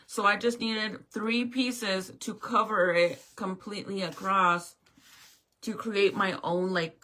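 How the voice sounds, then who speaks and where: A woman's voice: mid-range voice, bright, forceful tone, slight background noise. A woman telling a storytime in a casual vlog rant, swearing and acting out both sides of the talk. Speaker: vlogger.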